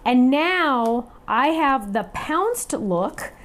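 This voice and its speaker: A woman's voice: high-pitched, animated, drawn-out words, slight background noise. Chatty woman teaching a craft class. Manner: chatty and upbeat, talks to viewers while working; laughs at herself, playful sound effects. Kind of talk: live online crafting demonstration.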